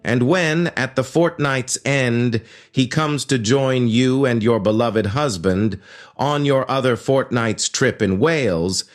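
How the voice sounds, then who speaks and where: A man voicing a gentle, fussy old bachelor banker in an audiobook, speaking with fond, old-fashioned courtesy. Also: medium pitch, slow pace, soft background music, voice pushed up, natural voice. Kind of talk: audiobook character voice.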